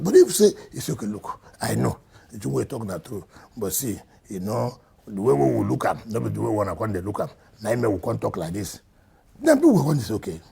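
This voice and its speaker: A man with a Nigerian accent, a state governor answering interview questions emphatically, swinging between loud and quiet. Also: mid-range voice, creaky, slightly rough.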